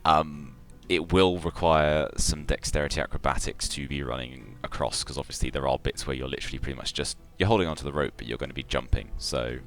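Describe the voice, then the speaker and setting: Very deep-voiced man running a tabletop game. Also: a little fast, hardly any pauses, soft background music. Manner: loose, rambling narration with many fillers. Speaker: game master.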